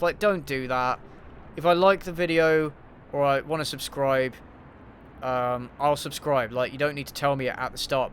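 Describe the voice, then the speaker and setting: A man with an ordinary mid-range voice answers viewer questions on a relaxed gaming stream. He talks offhandedly, swears freely and mutters to himself while he plays, over a faint hum of ambience. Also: medium pitch, normal speed. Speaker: YouTube host. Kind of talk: casual livestream Q&A while gaming.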